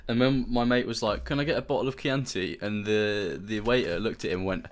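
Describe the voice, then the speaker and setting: A man's voice: lowish voice, brisk. A man with an English accent telling a jokey story in casual podcast chat, swearing freely. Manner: jokey storyteller who swears and laughs easily. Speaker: podcast co-host.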